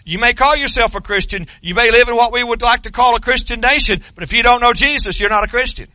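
A male pastor delivers a sermon in a forceful, rising cadence, hammering the same points again and again. His voice sits high and bright, close and dry on the mic. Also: fast talker, no room sound. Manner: emphatic, repetitive preaching cadence.

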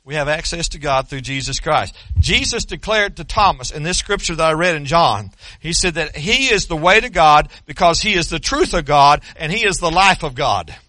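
Emphatic high-voiced male preacher. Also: animated, moderate pace, pushed and bright, no room sound. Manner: emphatic, repetitive preaching cadence. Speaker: pastor. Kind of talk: sermon.

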